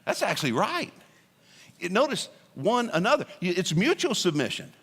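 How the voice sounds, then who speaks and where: A man's voice: high-pitched, wildly swooping pitch, moderate pace, a bit bright, husky. A middle-aged male pastor preaching a sermon in a church, conversational, joking, with stammered restarts. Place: church auditorium. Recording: long hall reverb.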